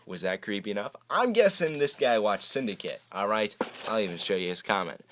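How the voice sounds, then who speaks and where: This young man, host of a YouTube magic channel, is very animated as he answers viewers in a loose, rambling Q&A vlog with many false starts. His voice is lowish and fairly bright at normal speed. The camera microphone adds a little hiss or hum.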